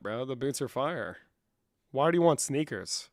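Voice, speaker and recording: A man hosting a livestream in a casual, profane, slangy manner, saying "bro" a lot and swinging between low muttering and loud outbursts. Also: lively intonation, unhurried, no echo, studio quality. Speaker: livestream host.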